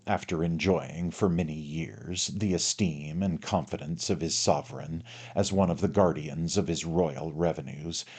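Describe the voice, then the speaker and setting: A man's voice: low voice, darkish tone, husky. A man voicing a pompous, theatrical older barrister who addresses a jury in grand, oratorical speech.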